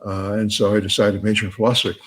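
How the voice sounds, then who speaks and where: Husky-voiced man answering questions. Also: lowish voice, level tone. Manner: halting, with many fillers and chuckles. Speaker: author answering audience questions. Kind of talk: live Q&A talk.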